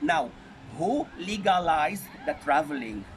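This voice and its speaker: A man's voice: on the high side, lively intonation, slow pace. A man making an earnest, pleading spoken appeal for animal welfare, repeating his key points. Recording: noisy background.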